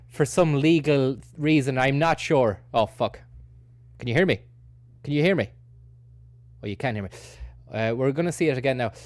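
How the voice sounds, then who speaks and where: A man's voice: fairly high pitch, no room sound. Rambling male streamer, dry sound. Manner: rambling, many fillers, grateful. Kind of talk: casual stream commentary.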